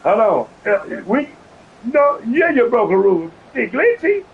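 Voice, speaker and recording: A man argues with an opponent over a video game, and his agitation shows as he talks over the other side again and again. His voice is husky and sits high, with a lively, swooping delivery. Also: normal speed, phone-quality sound. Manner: agitated, keeps repeating "hold on". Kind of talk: heated argument over voice chat.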